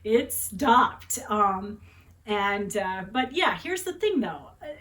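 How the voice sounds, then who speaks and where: A woman's voice: mid-range voice, very animated, slow pace, a bit bright, rough recording. A woman in her forties telling a personal story in a dramatic, chatty way, often adding tag questions. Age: 40s. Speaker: vlogger.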